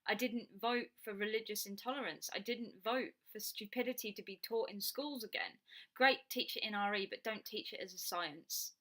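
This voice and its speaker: A woman's voice: mid-range voice, normal speed, sharp tone. A young Englishwoman giving her blunt, opinionated views to camera and swearing freely. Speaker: vlogger.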